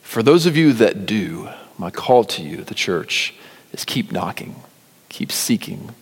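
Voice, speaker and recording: A man preaches in a somewhat low voice, swinging from loud emphatic lines to hushed, almost whispered appeals. The sound rings out with the long reverb of a large church hall. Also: lively intonation, a little slow, vocal fry, breathy edge. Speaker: pastor. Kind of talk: sermon.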